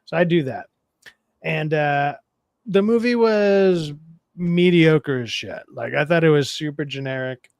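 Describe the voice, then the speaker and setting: A man with a low, raspy voice in a casual podcast chat, rambling and swearing through a movie review. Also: unhurried, no echo, studio quality. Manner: profane, rambling, wry.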